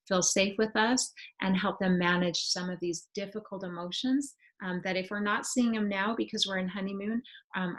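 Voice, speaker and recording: A woman gives a relaxed, explanatory webinar presentation over a computer microphone. She talks conversationally and often pauses on fillers as she works through each idea. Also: on the low side. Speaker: webinar presenter on student well-being.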